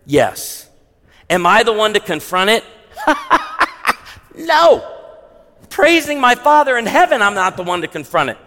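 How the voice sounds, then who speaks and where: A man preaching a sermon as pastor, emphatic, slowing down hard on key lines, with wry asides. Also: sits high, very animated, sharp tone. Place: large church sanctuary with long reverb. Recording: long hall reverb in a sanctuary.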